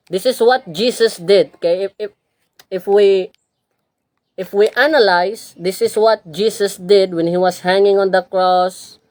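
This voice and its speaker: Filipina woman w cebuano accent lecturing on religion real slow, dry close sound, keeps saying okay. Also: medium pitch, darkish tone, no echo. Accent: Filipino, Cebuano-speaking. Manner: repeats key words, checks with "okay?". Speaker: religious teacher.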